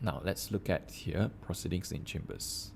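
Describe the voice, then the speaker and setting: A man's voice: deep voice, normal speed, vocal fry, slight background noise. A man giving a law lecture to a class, asking many rhetorical questions. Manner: animated, asks rhetorical questions.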